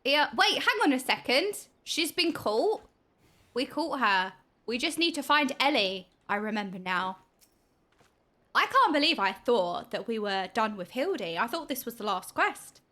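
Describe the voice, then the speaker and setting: A woman's voice: fairly high pitch, unhurried. A woman streaming a game, chatting playfully and giddily with her viewers. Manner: giddy, playful, squeals when excited. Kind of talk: casual game stream commentary.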